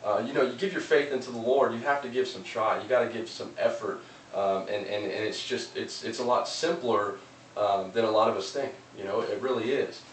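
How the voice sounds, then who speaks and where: A man's voice: on the low side, fairly even intonation, brisk. A man giving an earnest, casual motivational talk, often restarting his words. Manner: earnest, loose, with many repeated restarts. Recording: roomy, distant mic, faint noise.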